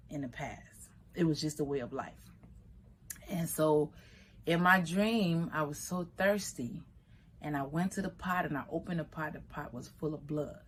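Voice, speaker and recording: A woman from Liberia in her thirties, telling a personal story in an unhurried, reflective way. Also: low voice, slight background noise. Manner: unhurried, reflective, slips into quoted voices.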